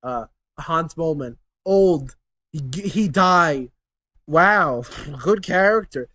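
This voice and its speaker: A man's voice: a little high, lively intonation, slow pace, pushed and bright. A man hosting his channel in a casual rambling monologue, sarcastic and swearing, with lots of fillers. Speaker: channel host.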